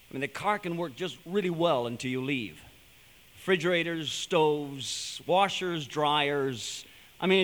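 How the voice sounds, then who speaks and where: A man with a high, bright, forceful voice tells a story as a sermon-style talk, animated and building to emphatic points. His voice carries a long reverb from a large hall. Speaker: speaker addressing a young audience.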